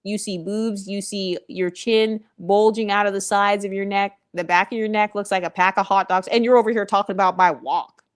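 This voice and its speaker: A woman's voice: medium pitch, steady tone, normal speed, clear, resonant tone. A woman vlogger giving blunt, opinionated commentary, sassy and profane, with mocking asides.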